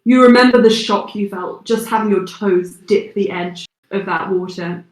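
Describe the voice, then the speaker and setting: A woman's voice: mid-range voice, moderate pace, roomy sound, rough recording. A woman narrating a tabletop role-playing game as its game master, describing the scene for the players.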